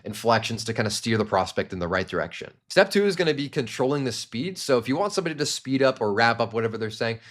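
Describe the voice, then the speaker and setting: A young man teaching a sales training class in an energetic instructional monologue, now and then acting out short example lines. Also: mid-range voice. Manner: energetic, demonstrates tones with quick acted examples. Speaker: sales coach.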